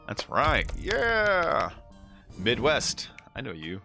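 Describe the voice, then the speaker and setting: A man's voice: medium pitch, big pitch swings, fairly quick, over music. A man streaming a racing game, chatting casually, rambling and laughing as he reads chat aloud.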